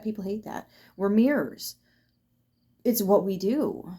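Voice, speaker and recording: A woman's voice: medium pitch, expressive, takes it slowly, dark tone, breathy edge. A woman giving a casual tarot reading to her viewers in a chatty way, laughing often and swearing freely. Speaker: tarot reader.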